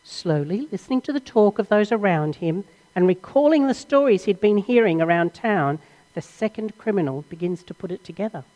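In a sermon, a woman preacher retells a story with earnest drama, filling it with rhetorical questions. Her medium-pitched voice is expressive, brisk, and mellow, and the recording carries a long hall reverb.

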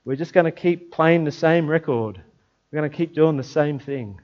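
A man giving a conversational sermon. He is reflective and often drops into a soft, prayerful tone. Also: on the high side, moderate pace, lo-fi sound. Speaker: preacher.

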